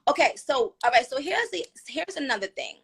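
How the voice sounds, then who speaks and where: A woman's voice: high voice, fairly quick, creaky, slight background noise. A woman with a New York accent hosting a live stream, chatting casually with many fillers. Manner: chatty, animated, lots of fillers.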